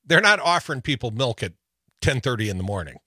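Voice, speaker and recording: A man's voice: mid-range voice, sing-song, quick pace, bright, forceful tone, husky, dry recording, studio quality. A man from Wisconsin co-hosting a political talk radio show, running through the news with wry, teasing asides.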